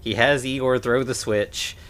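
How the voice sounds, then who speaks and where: A man's voice: mid-range voice, steady tone, unhurried, fairly bright tone. Man, podcast co-host, casual movie recap, rambling, filler words, easy laughs.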